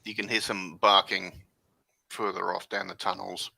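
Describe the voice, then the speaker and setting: Game master, male, deep with a raspy edge, laid-back rambling delivery. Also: level tone, normal speed, sharp tone, a little hiss or hum. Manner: loose, rambling narration with fillers. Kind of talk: narrating a tabletop game.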